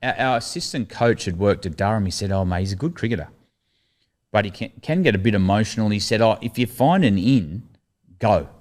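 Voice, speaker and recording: A middle-aged man with an Australian accent and a lowish voice, chatting casually as a guest. He spins animated anecdotes, often chuckling mid-sentence and putting on the voices of the people he quotes. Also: fairly quick. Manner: lively anecdotes, laughs through his stories, acts out quoted lines. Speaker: guest, former cricketer. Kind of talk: casual storytelling chat.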